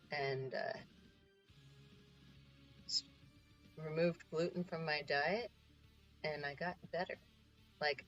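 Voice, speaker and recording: A woman's voice: sits low, fairly bright tone, highs cut off. A woman from the Northeastern US chatting casually to her stream while she paints, rambling and talking to herself.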